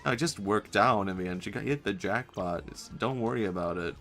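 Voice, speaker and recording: A man's voice: on the low side, brisk, fairly bright tone, soft background music. A man streaming a video game, joking and laughing often with wry asides as he plays. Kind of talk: casual gaming commentary.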